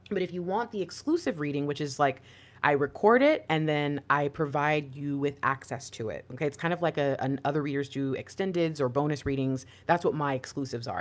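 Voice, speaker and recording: A woman talking to viewers as an intuitive card reader in a spiritual reading monologue, chatty and animated, asking lots of rhetorical questions. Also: low-pitched.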